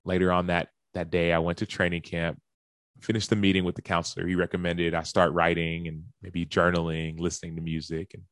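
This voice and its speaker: A man's voice: low-pitched, flat delivery, fairly quick, no room sound. A man, a professional athlete, earnestly telling a personal story in a speech and acting out the lines and gasps of the people in it.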